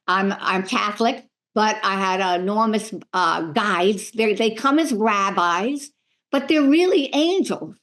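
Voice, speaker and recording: A middle-aged woman, a medium, telling lively stories in a podcast interview and acting out the voices of the people in them. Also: mid-range voice, a little slow. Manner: animated, acts out voices in her stories. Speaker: medium and spiritual healer, guest.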